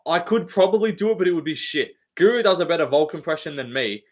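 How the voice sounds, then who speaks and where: A man's voice: fairly high pitch, lively intonation, quick pace. A young Australian man hosting a live stream, chatting casually and rambling with lots of fillers, swearing and laughs. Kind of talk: casual chat reading live comments.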